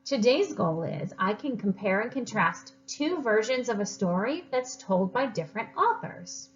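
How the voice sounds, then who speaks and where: A woman teacher reading a story aloud to children, expressive and encouraging. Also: a little high, unhurried, lo-fi sound.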